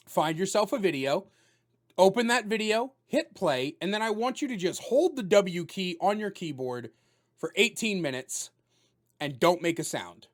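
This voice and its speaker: A man giving a casual spoken video game review, talking loudly with jokes and animated delivery. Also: high-pitched, a little slow. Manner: loud, animated and joking.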